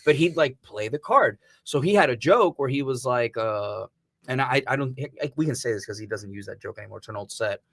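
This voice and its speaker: A man's voice: medium pitch, animated, fairly quick, gravelly, a bit bright, dry recording. A man from Missouri, a podcast host, telling stories in casual chat and swearing freely. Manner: rambling storyteller, swears freely.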